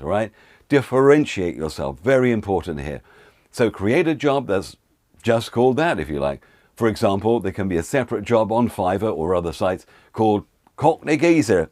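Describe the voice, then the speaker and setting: A man's voice: fairly low pitch, darkish tone, no room sound, studio quality. A man, a voiceover artist teaching an online course in a chatty, encouraging way that speaks straight to the viewer. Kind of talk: casual online course talk.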